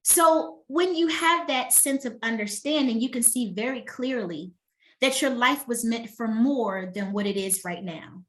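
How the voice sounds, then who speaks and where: A woman's voice: fairly high pitch, measured pace, fairly bright tone. A middle-aged woman wellness coach giving a motivational master class talk. She speaks emphatically and conversationally and keeps checking in with her listeners.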